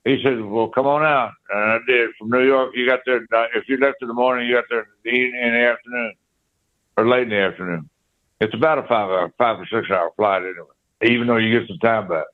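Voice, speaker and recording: A man's voice: mid-range voice, quick pace. Older man telling stories over a phone line. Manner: rambling anecdotes, scats guitar riffs aloud. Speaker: guest guitarist. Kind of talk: casual interview storytelling.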